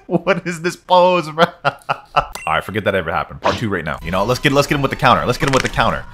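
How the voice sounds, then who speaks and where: A man's voice: mid-range voice, moderate pace, pauses often, slight background noise. A man giving hyped, slang-filled let's-play commentary, hyping himself up as he plays. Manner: excitable, slangy, hypes himself up. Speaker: gaming YouTuber.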